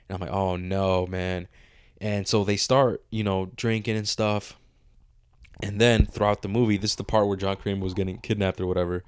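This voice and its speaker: A man's voice: sits low, brisk, clear, resonant tone, no room sound, clean studio sound. A man in his twenties co-hosting a podcast, telling a story in casual chat, swearing and acting out the dialogue. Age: 20s. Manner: animated, swears freely, acts out dialogue. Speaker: podcast co-host.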